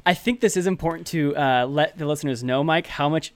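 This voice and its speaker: A man's voice: on the high side, fairly quick, clear, resonant tone, no room sound. A man co-hosting a podcast, chatting casually with lots of filler words. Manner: chatty, hesitant with many fillers. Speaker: podcast co-host.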